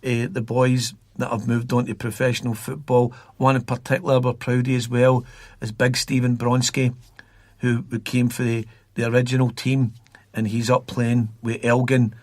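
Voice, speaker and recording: A man's voice: mid-range voice, no echo. A Scottish man telling stories as a guest on a podcast, rambling and repeating words as he recalls them. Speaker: guest from a youth football academy. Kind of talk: storytelling in a podcast interview.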